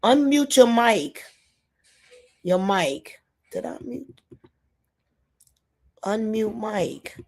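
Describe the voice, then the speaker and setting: A woman from New York hosting a casual live stream, talking straight to her viewers in a lively way. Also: mid-range voice, drawn-out words, vocal fry, long pauses, a little hiss or hum. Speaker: livestream host. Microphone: phone or computer mic.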